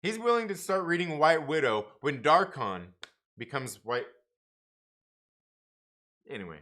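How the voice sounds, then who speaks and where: Guy running a comic book stream, kinda high bright voice, super laid back, keeps saying man and bro. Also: animated, unhurried. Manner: laid-back, laughs often, calls viewers man and bro. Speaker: comics review livestream host. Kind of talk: casual livestream chat.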